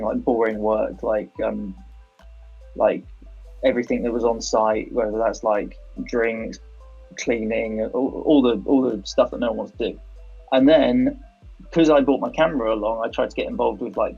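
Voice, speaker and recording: Gravelly young British man, hesitant. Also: mid-range voice, fairly even intonation, normal speed, a little mellow, muffled recording, faint music behind. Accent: British English. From England. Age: young adult. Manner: hesitant, filler-heavy storytelling. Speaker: podcast guest. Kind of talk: casual chat.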